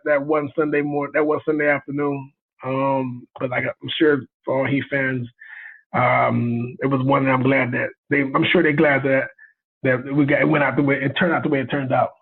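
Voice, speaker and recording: A man telling a story as a guest in a casual interview, animated and excitable and laughing often. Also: mid-range voice, moderate pace, breathy edge. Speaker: guest cinematographer. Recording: tinny phone-line sound.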